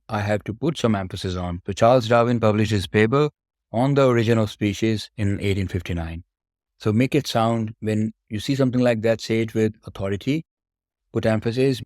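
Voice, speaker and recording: A man's voice: mid-range voice, a little mellow, dry recording, studio quality. A man teaching exam speaking skills, explaining step by step and addressing learners directly in a patient way.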